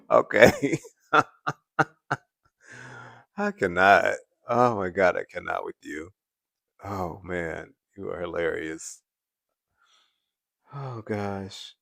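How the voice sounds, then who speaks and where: Gravelly man hosting a livestream. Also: low voice, animated, extremely slow, pauses often, a bit bright, no echo, studio quality. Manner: laughs often, answering chat. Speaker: livestream host. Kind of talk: casual live chat with viewers.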